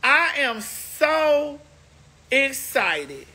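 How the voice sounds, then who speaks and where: A woman's voice: sits high, sing-song, very slow, sharp tone, slight background noise. A woman hosting a casual livestream, chatting to viewers in a sassy, emphatic way, stretching words out for effect. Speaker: livestream host.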